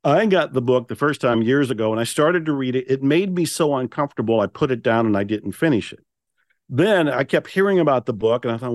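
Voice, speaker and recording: An older man tells stories on a podcast. His pitch climbs and dips as he acts out his own self-talk and presses on key words. The sound is close and dry. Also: a little fast, no echo. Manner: animated, emphatic, quotes his own inner voice. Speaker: podcast guest, author and speaker. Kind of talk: storytelling in a conversational interview.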